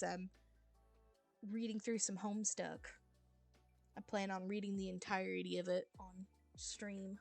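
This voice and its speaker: A woman streaming a casual reading session, keeping her voice quiet and chill on purpose. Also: mid-range voice, flat delivery, unhurried, creaky, long pauses, dry recording, faint music behind. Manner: quiet and chill, soft-spoken.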